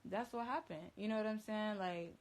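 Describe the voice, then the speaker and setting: A woman's voice: mid-range voice, moderate pace, darkish tone, rough recording. A woman DJ telling a story in casual, profane slang on a phone livestream, rambling with lots of fillers.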